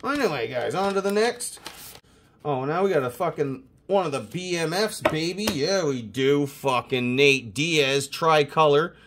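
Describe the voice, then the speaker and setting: A young man rips through his mail-day cards with hyped, foul-mouthed commentary. His pitch leaps and drops all over the place as he cheers some cards and grumbles at others. It sounds like an off-the-cuff chat to his viewers. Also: measured pace, slight background noise. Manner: profane, excitable, hyped. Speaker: host opening sports cards. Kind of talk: casual card-opening commentary.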